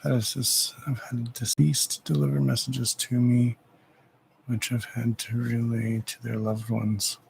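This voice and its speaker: Guy doing psychic readings live, gravelly voice, rambly and sweary, faint noise behind him. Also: mid-range voice, little pitch movement, measured pace, darkish tone, rough recording. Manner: chatty and rambling, swears, talks to his pets. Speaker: psychic reader hosting a live stream. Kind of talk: casual live-stream chat.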